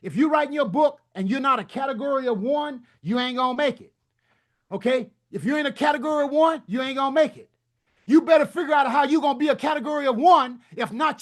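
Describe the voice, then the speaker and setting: A man's voice: very high-pitched, fairly quick. A man giving a hyped motivational talk as a book coach, preaching in call-and-response with folksy turns of phrase. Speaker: book coach and summit speaker.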